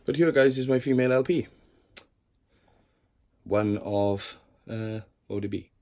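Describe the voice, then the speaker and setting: A man with a lowish voice talks casually through a tour of his tarantula collection in his bedroom. He swears freely and chats to the spiders, coaxing and scolding them as he films. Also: a little slow, a little mellow. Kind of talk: casual room-tour vlog. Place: bedroom at home.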